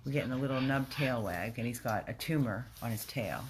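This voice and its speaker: A woman dog rescue volunteer giving a casual video update from a rescue house, talking in an emotional, halting way with restarts. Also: very deep voice, a little hiss or hum.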